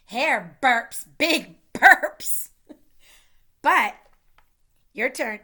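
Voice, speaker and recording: Lady reading a kids book out loud, slow, bright voice, playful asides. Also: sits high, animated. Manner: playful, pausing to chat and laugh with young listeners. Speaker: storyteller reading to children. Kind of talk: children's picture book read-aloud.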